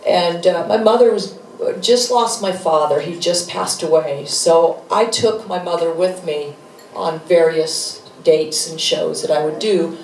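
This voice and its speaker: Lively woman telling stories in an echoey bar. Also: on the low side, unhurried, a little hiss or hum. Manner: animated, laughing storyteller. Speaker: guest, author and rock musician. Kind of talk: onstage interview, storytelling. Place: bar venue with live audience. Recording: echoey room, mic from a distance.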